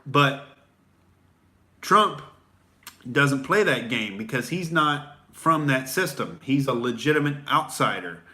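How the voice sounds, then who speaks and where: Bright-voiced ranting man. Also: mid-range voice, animated, takes it slowly, pauses often. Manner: profane, rambling, sarcastic rant with fillers. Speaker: comedian host. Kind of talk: ranting livestream commentary.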